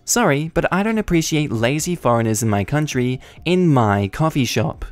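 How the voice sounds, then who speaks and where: A man's voice: a little high, animated, moderate pace, no echo, faint music behind, voice pushed up, lightly acted. A man voicing an indignant, entitled mother in a coffee shop, huffy and scornful.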